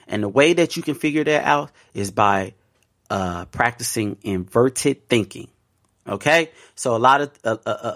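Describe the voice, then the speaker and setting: A man hosting his own podcast, giving a casual motivational talk to his listeners. He is animated and preachy, laughs a lot, uses slang, and repeats phrases for emphasis. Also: mid-range voice. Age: adult parent. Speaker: podcast host.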